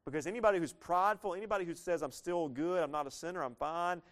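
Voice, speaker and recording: A man preaching a sermon, lively and conversational, asking his listeners questions and acting out the lines he quotes. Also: on the high side, quick pace. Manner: animated, asks the congregation questions, acts out quoted lines. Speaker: pastor.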